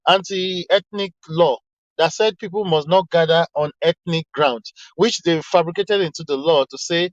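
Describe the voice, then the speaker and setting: A man's voice: a little high, moderate pace, no room sound. A man in an online discussion room, earnestly quoting texts and arguing his point with frequent restarts. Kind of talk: casual argumentative talk quoting texts. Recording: slightly dull lo-fi online audio.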